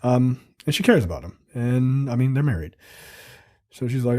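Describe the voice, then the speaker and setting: A man's voice: mid-range voice, animated, normal speed, warm tone. A man co-hosting a film review podcast in casual, profane, joking chat, acting out quotes.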